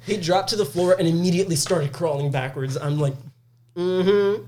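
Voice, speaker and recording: A man co-hosting a podcast, telling stories in casual chat and acting out the people he quotes. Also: fast. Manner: animated, acts out quotes in a high voice. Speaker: podcast co-host.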